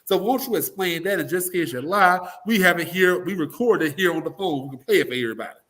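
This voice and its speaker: Blunt, emphatic man with a higher voice. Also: animated, fast talker, fairly bright tone. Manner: emphatic, blunt and profane, acts out quoted voices. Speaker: political guest, talk radio personality. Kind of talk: opinionated interview talk.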